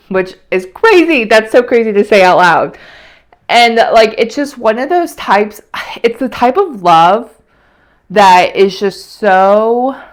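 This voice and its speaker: Young female vlogger, chatty and emotional, rambles with fillers. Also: mid-range voice. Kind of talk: casual weekly catch-up chat.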